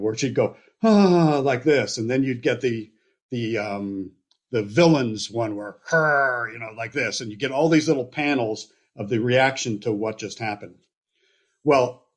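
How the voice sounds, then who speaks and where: A man teaching a Bible passage in a relaxed, conversational way, often checking in with his listeners with asides. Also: mid-range voice, breathy edge. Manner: relaxed, explaining with frequent okays and asides.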